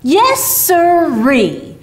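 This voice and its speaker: A woman voicing Santa Claus as a brisk, obliging old man, eager and emphatic. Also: extremely high pitch, wildly swooping pitch, pitched above the performer's own voice, heavily acted.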